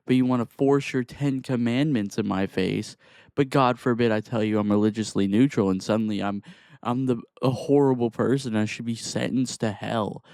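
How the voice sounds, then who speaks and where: A man's voice: mid-range voice, fairly even intonation, normal speed, darkish tone, dry recording, clean studio sound. A young man from Texas ranting to camera, heated and profane, exasperated. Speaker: vlogger. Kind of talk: angry rant to camera.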